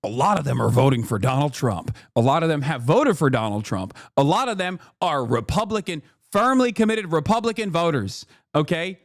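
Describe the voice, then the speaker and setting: High-voiced man ranting on stream. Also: expressive, moderate pace, few pauses, no echo, clean studio sound. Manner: profane, ranting, sarcastic. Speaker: streamer host. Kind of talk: casual reaction commentary.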